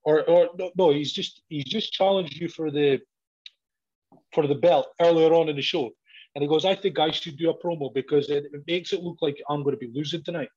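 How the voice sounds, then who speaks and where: Husky man telling sweary stories. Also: fairly high pitch, a little fast. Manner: sweary, animated, acts out both sides of stories. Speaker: professional wrestler. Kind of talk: casual storytelling chat. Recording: dull lo-fi audio.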